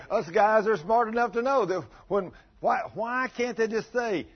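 A man's voice: sits high, normal speed, breathy edge. A middle-aged man preaching a folksy, joking sermon, rambling with frequent restarts. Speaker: pastor. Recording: dull lo-fi sermon recording.

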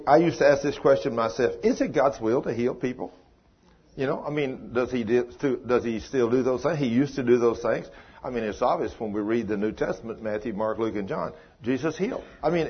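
An older male preacher with a husky, slightly breathy voice delivers a folksy, emphatic sermon. His voice jumps up in bursts of emphasis. The recording sounds dull and muffled. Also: fairly high pitch.

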